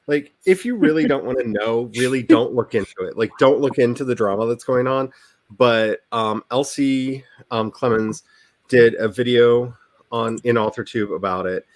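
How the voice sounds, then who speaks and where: A man's voice: medium pitch, no echo. A man hosting a casual livestream chat, talking in a rambling, self-deprecating way over a video call. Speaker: livestream host.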